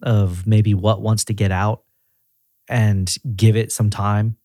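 A man who directs a group of auto repair shops, talking as a guest in a casual podcast conversation. He speaks in a relaxed, conversational way. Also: on the low side, slow, no echo, studio quality. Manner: relaxed and conversational, often acting out quoted voices.

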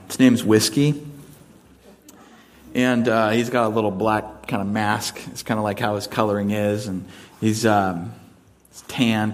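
A man preaching a sermon in a casual, conversational way, mixing humor into it. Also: on the low side. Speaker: pastor.

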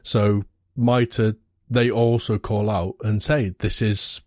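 A man with a military and defense background, explaining things in a measured way during a casual panel discussion. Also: fairly low pitch, steady tone, a little mellow, no room sound, clean studio sound.

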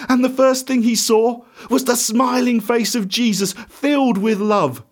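A man narrating a children's Bible story in an expressive, animated way. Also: very high voice, a little slow.

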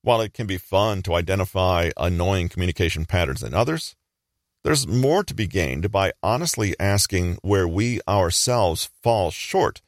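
A man giving a measured, explanatory scripted narration. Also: low-pitched, expressive, no room sound, clean studio sound.

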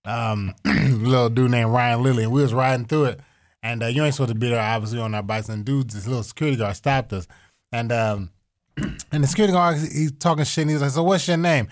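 A man chatting casually on a podcast, telling a childhood story in a lively way and laughing through it. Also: medium pitch, a little fast.

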